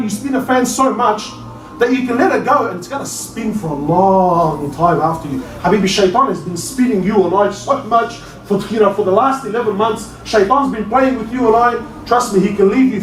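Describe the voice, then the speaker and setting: A male preacher giving an animated sermon to a crowd, often rising to near-shouts and calling listeners brother. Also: high-pitched. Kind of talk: passionate sermon. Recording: echoey hall, mic at a distance.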